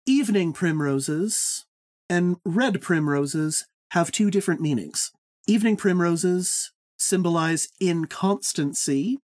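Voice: mid-range voice, a little mellow, dry recording, clean studio sound. A podcast host running a casual book club pop quiz, teasing and swearing, speeding through explanations. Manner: teasing, profane, quick bursts of explanation.

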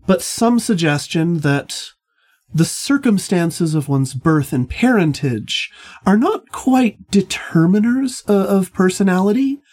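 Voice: medium pitch, a little mellow. An instructor leading a literature seminar, speaking thoughtfully with frequent restarts and hedges.

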